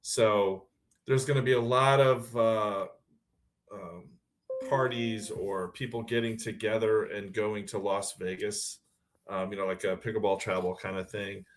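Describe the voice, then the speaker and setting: Man, podcast guest, low voice, animated storyteller who laughs easily. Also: a little hiss or hum. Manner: lively storytelling, quick to laugh. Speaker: guest, pickleball club founder. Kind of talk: casual podcast chat.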